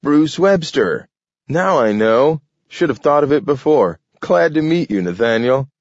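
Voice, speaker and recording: A man's voice: mid-range voice, animated, unhurried, no room sound, voice pushed up. A man reading the lines of an easygoing, friendly adult man in an audiobook. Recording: dull lo-fi recording.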